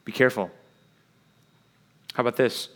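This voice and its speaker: A male youth preacher with a voice of ordinary pitch, neither high nor low. He talks to his young listeners casually, checks in with "right?" and slips into playful voices for the people he quotes. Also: moderate pace, fairly bright tone. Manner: conversational, keeps asking "right?" and acts out quoted voices.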